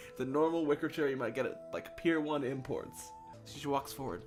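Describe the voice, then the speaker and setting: A man's voice: medium pitch, moderate pace, soft background music. A man co-hosting a comedy podcast, telling an improvised story and laughing at his own jokes.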